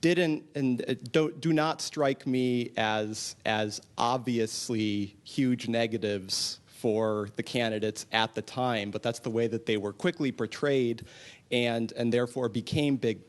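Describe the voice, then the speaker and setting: A man's voice: mid-range voice, unhurried. A man in the audience asking a long question, hesitant and searching for words.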